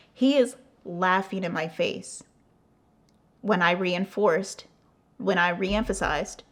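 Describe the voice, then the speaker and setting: Animated young woman telling a story. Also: medium pitch. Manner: animated, swearing, acting out quotes, frequent "like" fillers. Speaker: vlogger. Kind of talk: casual storytime.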